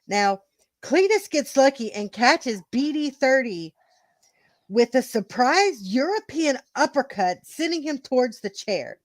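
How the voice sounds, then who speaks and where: A woman reading wrestling play-by-play in an excited, giggly way, chatting with her co-hosts. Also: high-pitched, unhurried, no room sound. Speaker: wrestling co-commentator. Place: home, with children in the room.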